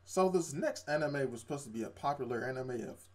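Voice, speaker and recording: A man's voice: mid-range voice, expressive, brisk, darkish tone. A young man in casual chat, retelling an anime episode with quoted voices and laughs. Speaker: co-host reviewing anime.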